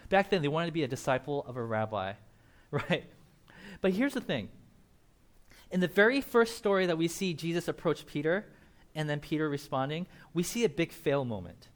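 A young man preaching a casual sermon as pastor, animated, acting out Bible characters and laughing often. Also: on the high side, normal speed.

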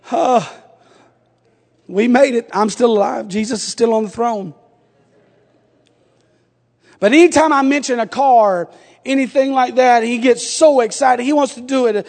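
A man in his forties, a pastor preaching a sermon, telling a humorous family story that builds into fervent, shouted appeals. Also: very high-pitched, a little slow, long pauses. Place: church sanctuary. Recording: long reverb of a church sanctuary.

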